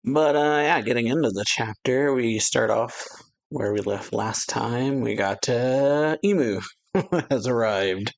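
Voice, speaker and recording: A man's voice: mid-range voice, gravelly. A man hosting a reaction video, casually reading a manga chapter aloud with laid-back commentary. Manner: laid-back, slow, filler-heavy.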